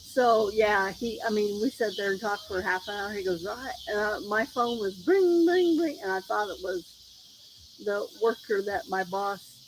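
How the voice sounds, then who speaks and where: Crickets and insects are loud behind this host as she chats on a phone livestream outdoors near a road at night. Her voice is mid-range and steady at normal speed, and the rough recording has a little hiss or hum. She tells meandering stories, acting out other people's words.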